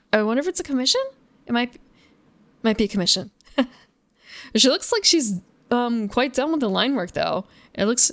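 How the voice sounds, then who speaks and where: Streaming games live from a home setup, a woman muses, laughs often and talks to her chat between play. Her voice is fairly high-pitched with a fairly bright tone, and no room sound comes through.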